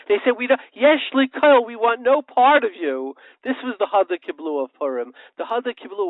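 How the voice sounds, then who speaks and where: A man's voice: high-pitched, no echo. A male radio show host giving an impassioned, preachy monologue, firing off rhetorical questions and telling parables. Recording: tinny phone-like line, dry.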